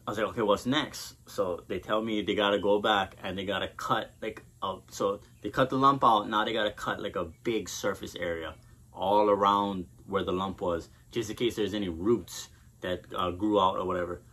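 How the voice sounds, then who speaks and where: A man's voice: fairly low pitch, fairly even intonation, moderate pace, a bit bright, breathy edge. A man vlogging from Hawaii, talking casually to camera and telling a personal story with loose, profane chatter.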